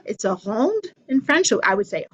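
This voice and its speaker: A woman's voice: fairly high pitch, big pitch swings, moderate pace, poor audio. A woman teaching an online music theory class, patiently counting and clapping rhythms aloud for her students.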